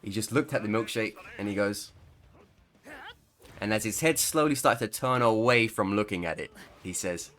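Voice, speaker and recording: A man's voice: fairly low pitch, normal speed, a bit bright. A man chatting casually over gameplay as a gaming creator, rambling and laughing mid-sentence.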